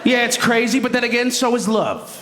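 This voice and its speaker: A man's voice: very high voice, big pitch swings, a little fast, in a large hall, very noisy. A man doing stand-up storytelling on stage in a crude, rambling, profane way. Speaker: stand-up comedian. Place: comedy stage before an audience.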